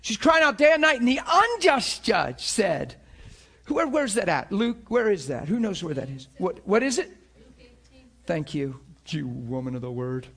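A male pastor delivers a sermon in a strikingly high voice. He rises to shouted cries, then drops to quiet, intimate passages. He often repeats words and restarts his sentences as he goes. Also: sing-song, moderate pace, creaky, slightly rough. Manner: preaching with swings from shouts to hushed tones.

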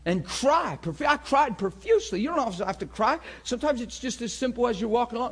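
A man preaching a sermon with passion, moving between loud bursts and hushed, intense talk. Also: extremely high pitch, animated, quick pace, few pauses, breathy edge.

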